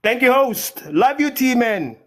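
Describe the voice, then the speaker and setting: A man's voice: extremely high pitch, big pitch swings, slow pace, a bit bright. A man from Nigeria ranting passionately in a heated live audio-room debate, repeating words for emphasis. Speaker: debate participant.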